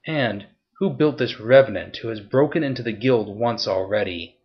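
A man voicing a cold, threatening young woman who interrogates in a soft, low voice. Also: normal speed, lo-fi sound, lightly acted. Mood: menacing.

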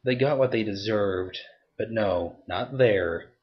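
A man voicing a cold, threatening young woman who interrogates in a soft, low voice. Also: slow, highs cut off.

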